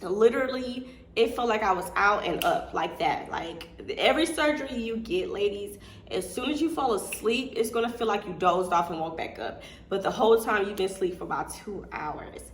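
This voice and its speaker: A woman's voice: medium pitch, normal speed. A young woman tells a personal story to her viewers in a loose, candid vlog style, peppered with fillers and laughter. Her voice sits in the middle range for a woman. The room around her sounds echoey, with faint background noise. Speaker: vlogger. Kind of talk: casual storytelling.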